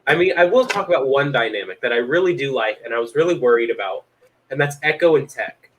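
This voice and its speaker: A man co-hosting a casual fan podcast, rambling with lots of fillers and getting excited. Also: mid-range voice, quick pace, rough recording. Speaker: podcast co-host.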